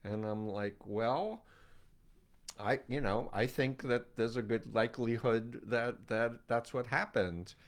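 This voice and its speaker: An older man hosting a conversational interview, talking about his work and telling stories in an animated way. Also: medium pitch, takes it slowly. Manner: animated storytelling, acts out quoted voices. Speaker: host, cult expert.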